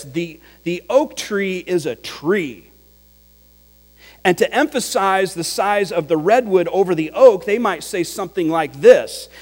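A man preaching a sermon, teaching in an explanatory way, with examples and repetition for emphasis. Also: high voice. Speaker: pastor. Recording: hall reverb with mains hum.

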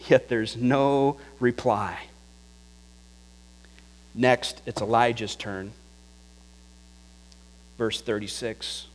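Male pastor mid-sermon, higher voice, lively storyteller who laughs along; big echoing hall, faint mains hum. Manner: animated, chuckling storyteller, drops to a hush for prayer.

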